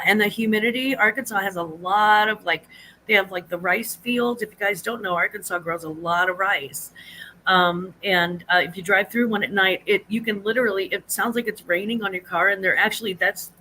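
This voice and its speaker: A woman hosting a casual live chat, rambling easily and greeting her viewers in a high sing-song. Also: brisk, pushed and bright, slight background noise, poor audio. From United States. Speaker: livestream host.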